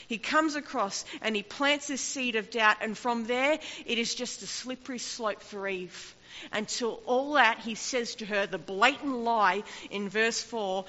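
A woman's voice: fairly high pitch, a little slow, sharp tone. A woman preaching a sermon with impassioned, rising and falling emphasis. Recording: long hall reverb, dull lo-fi sound.

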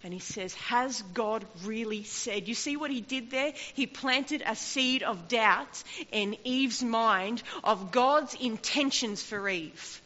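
A woman's voice: a little high, slow pace, few pauses, sharp tone. Woman preaching in an echoing hall. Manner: impassioned, rising and falling emphasis. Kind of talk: sermon. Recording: long hall reverb, dull lo-fi sound.

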